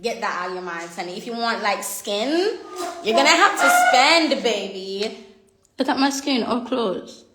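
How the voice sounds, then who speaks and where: A woman's voice: on the high side, very animated, a little slow, background noise. A young woman, chatting casually on a livestream and reading viewer comments aloud from her home. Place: home room. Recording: echoey room.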